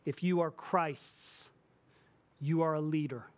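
Male pastor, 40s, high-pitched, lively preaching delivery that slips into quoted voices. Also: takes it slowly. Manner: animated, acts out quoted voices. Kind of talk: sermon.

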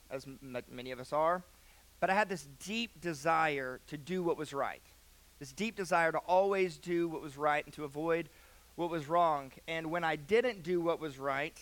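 A young man preaching a sermon in a church, moving from a hushed prayer into earnest personal storytelling. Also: on the high side. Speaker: pastor. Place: church sanctuary.

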